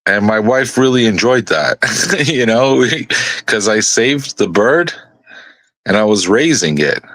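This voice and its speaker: A man's voice: fairly low pitch, animated, slow pace, fairly bright tone, dry recording. Profane, rambling storyteller man, dry mic. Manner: rambling, profane anecdote telling. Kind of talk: casual storytelling on a live panel.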